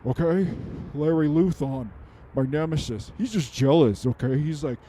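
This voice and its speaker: A man's voice: on the high side, normal speed, warm tone, a little hiss or hum, natural voice. A man playing a goofy adult male superhero who muses aloud in a rambling way and makes his own sound effects, in an improvised comedic monologue.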